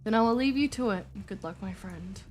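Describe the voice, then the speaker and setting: A woman voicing a calm, formal old mentor, speaking in a measured, soft-spoken way. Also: medium pitch, soft background music, natural voice.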